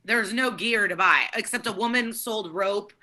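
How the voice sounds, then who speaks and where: Female host, brash and joking, bright tone. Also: mid-range voice, normal speed. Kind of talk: casual storytelling chat.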